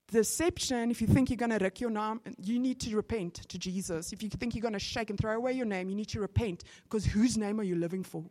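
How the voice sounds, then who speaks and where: A woman's voice: fairly high pitch, quick pace, few pauses. A woman with a South African accent preaching a testimony sermon and acting out conversations as she tells them. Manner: animated storytelling, acting out conversations. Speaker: church speaker.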